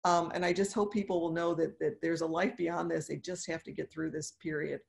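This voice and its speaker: A woman's voice: low-pitched, flat delivery, brisk, gravelly, a little mellow. A woman in her sixties, a dentist and speaker, talking earnestly in a podcast interview, encouraging and repeating phrases for emphasis. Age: 60s.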